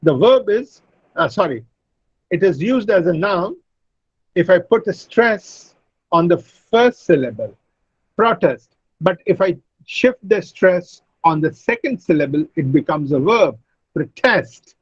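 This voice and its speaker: High-voiced man teaching online. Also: big pitch swings, breathy edge, dry recording. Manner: explains slowly, repeats example words. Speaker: English teacher. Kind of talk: online class lecture. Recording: dull, dry lo-fi call audio.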